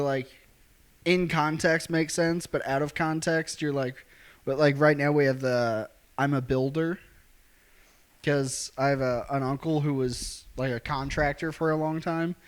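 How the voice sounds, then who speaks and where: A man in his thirties, co-hosting a podcast, joking and teasing with a laugh. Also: on the high side. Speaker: podcast co-host. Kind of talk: casual podcast chat.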